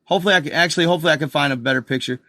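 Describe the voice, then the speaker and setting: A man hosting a casual video, excitedly talking viewers through an old map and repeating himself as he points things out. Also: on the high side, racing, vocal fry, no room sound, clean studio sound. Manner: excited, repetitive, addresses viewers as guys and y'all. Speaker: video host. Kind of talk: casual commentary over a map.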